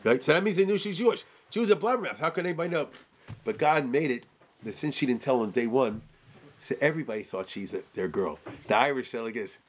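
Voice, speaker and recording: Male Torah teacher, informal class, animated, keeps checking in with rhetorical questions. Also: medium pitch, fairly quick.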